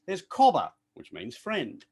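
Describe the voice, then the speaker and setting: Australian man, online speech, fairly high voice, playful explaining. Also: a little slow, breathy edge. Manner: playful, explanatory, lively pitch swings. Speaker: club member giving a speech. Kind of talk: prepared speech. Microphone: online call.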